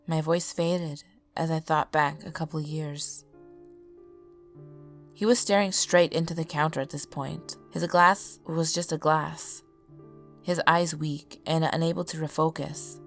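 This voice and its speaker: A woman narrates a horror story in a calm, measured way. Her voice is low and slightly gravelly. Quiet music plays behind her. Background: faint background music.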